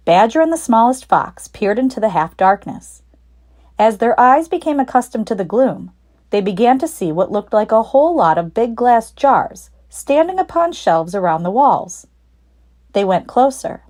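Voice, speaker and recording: A woman narrating a children's book aloud with expressive storytelling. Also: fairly high pitch, moderate pace. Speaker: audiobook narrator.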